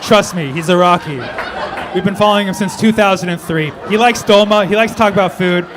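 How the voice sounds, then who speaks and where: Brash male comedian, high-pitched, riffing with a rowdy crowd in a live club. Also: fairly quick, a bit bright. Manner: brash, profane, riffing with the audience. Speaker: stand-up comedian. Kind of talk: stand-up set with crowd work. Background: audience laughter.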